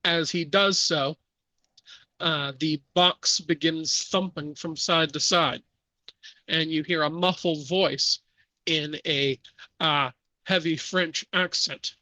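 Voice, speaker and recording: Male game master, unhurried and bright, dry recording. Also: on the high side, steady tone, no room sound. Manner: measured, with many fillers. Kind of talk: narrating a tabletop horror game.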